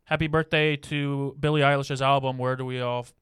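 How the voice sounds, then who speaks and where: A young man co-hosting a podcast in casual chat, dry and joking as he reads birthday shout-outs into a close mic. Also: mid-range voice, level tone, fairly quick, clean tone, no room sound. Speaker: podcast co-host.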